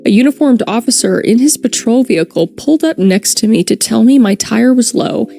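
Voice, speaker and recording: A woman's voice: fairly high pitch, lively intonation, a little fast, vocal fry, dark tone. A young woman streamer, unwell with a headache, reading Reddit posts in a rambling, casual, self-deprecating way while she plays a game.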